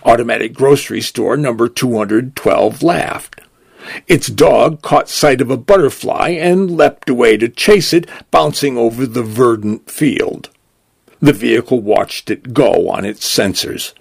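A man narrating a story in a measured, expressive way. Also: medium pitch, creaky, slightly rough, no room sound.

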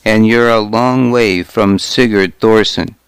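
A man's voice: on the low side, fairly even intonation, slow, smooth, no echo. A man reading the part of a brusque, curt, gray-haired older woman in an audiobook.

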